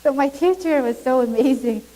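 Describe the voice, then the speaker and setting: A middle-aged woman with a Mongolian accent tells her story to a church, animated and quick to laugh. Her voice sits a little high but sounds mellow. English is her second language. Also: low-quality recording. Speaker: guest speaker. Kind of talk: church testimony.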